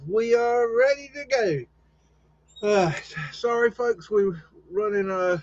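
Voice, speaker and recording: A man hosting a live stream in casual chat, rambling and halting with lots of fillers and restarts. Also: extremely high pitch, huge pitch swings, no room sound. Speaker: livestream podcast host. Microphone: home computer setup with webcam. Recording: dull lo-fi stream audio.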